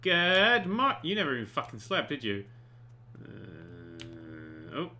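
A man giving sarcastic, excitable commentary while playing a life simulation game, often swearing and bursting into panicked shouts. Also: on the high side, slow, creaky. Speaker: gaming channel host. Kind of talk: comedic let's play commentary.

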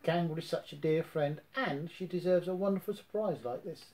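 A man's voice: a little high, fairly quick, dark tone, close to an everyday voice. A man reading a storybook, voicing a prim, proper male rabbit. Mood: pleased.

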